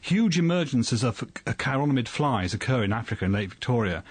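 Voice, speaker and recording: Brief: male scientist guest, husky voice, lively pitch, dry studio. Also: brisk, dry recording. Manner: animated, dry humour. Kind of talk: studio interview.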